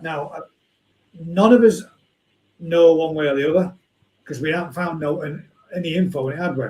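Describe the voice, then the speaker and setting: A man's voice: on the high side, moderate pace, dark tone, roomy sound, low-quality recording. A man hosting a casual chat, rambling and trailing off, laughing often. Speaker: host.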